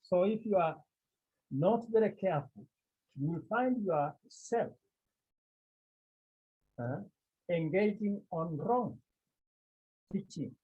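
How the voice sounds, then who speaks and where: A man with a Cameroonian accent teaching a Greek class, speaking slowly and deliberately, often checking with his students. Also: high-pitched, expressive, slightly rough. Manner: slow, deliberate, repeats key points and checks with "Okay?". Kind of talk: classroom lecture. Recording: tinny phone-like line.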